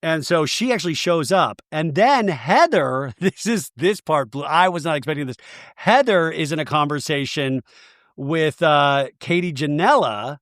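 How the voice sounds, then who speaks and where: A man hosting a podcast, recapping in a gossipy, animated style with quick asides. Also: on the high side, dry recording, clean studio sound. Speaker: podcast host. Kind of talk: casual comedic recap.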